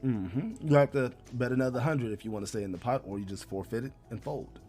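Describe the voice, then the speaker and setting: A man's voice: mid-range voice, quick pace, a little mellow, soft background music. Casual male game master. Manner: casual, laughing, filler-heavy. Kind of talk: narrating a tabletop game.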